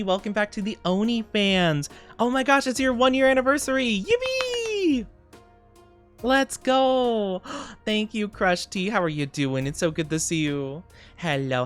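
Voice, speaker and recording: A VTuber whose voice sits high chats casually with his viewers during gameplay, reading their messages aloud. He tends to ramble, laughs frequently, and gets excited whenever he greets someone.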